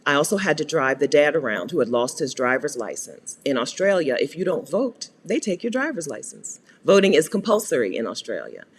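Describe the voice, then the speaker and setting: Chatty American woman, lively voice. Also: low voice, a little fast, few pauses, in a large hall, slight background noise. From United States. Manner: chatty, laughs often, greets viewers by name. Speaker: host answering viewer questions. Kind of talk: live Q&A chat.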